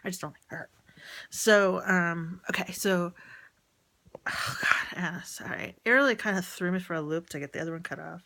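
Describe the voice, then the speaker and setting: A woman rambling and venting in a personal audio diary, often halting and trailing off mid-thought. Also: lowish voice, sharp tone. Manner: venting about a relative.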